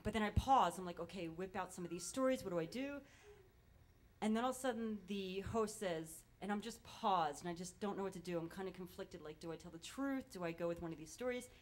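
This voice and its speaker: A woman telling a first-person story live on stage in a casual, animated and profane way. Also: medium pitch, quick pace, hardly any pauses.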